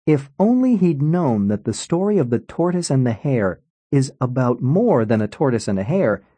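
A male audiobook narrator with a wry, expressive delivery whose pitch moves in lively swings. His voice is mellow and slightly husky. The recording is dry and close, with no room sound. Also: no room sound. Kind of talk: scripted narration.

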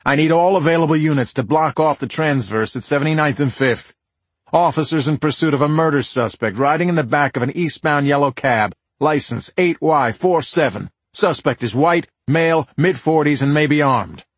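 A police dispatcher rattles off a suspect alert in clipped, urgent orders, read by a male audiobook narrator. The sound is husky and dry. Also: fairly high pitch, normal speed, no echo, pitched above the performer's own voice, close to an everyday voice.

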